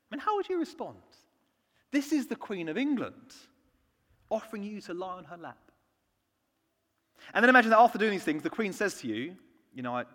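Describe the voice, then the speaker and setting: A man from the United Kingdom preaching a sermon, earnest, moving between soft hushed lines and emphatic ones. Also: sits high. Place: church. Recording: long church reverb.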